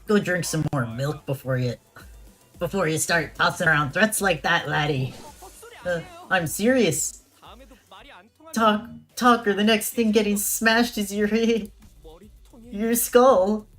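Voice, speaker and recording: A rough, swaggering pirate sailor, voiced by a streamer reading game dialogue growls out threats in a gruff drawl. The voice sits a little higher and louder than the streamer's usual talk. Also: expressive, a little slow, faint music behind.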